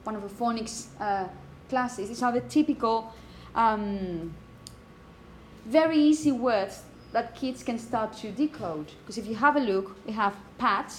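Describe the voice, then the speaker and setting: Higher-voiced woman teaching phonetics. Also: a little slow, a little hiss or hum. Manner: explanatory, checks in with "okay?" and "yeah?"; demonstrates rhythm by chanting example phrases. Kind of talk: lecture to teachers.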